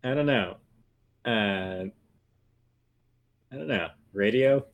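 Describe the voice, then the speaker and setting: A man with a gravelly, creaky voice that sits fairly low banters as a podcast co-host. He is playful and jokey, laughing easily between lines. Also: slow, dull audio. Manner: playful, joking, laughs often. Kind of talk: casual chat.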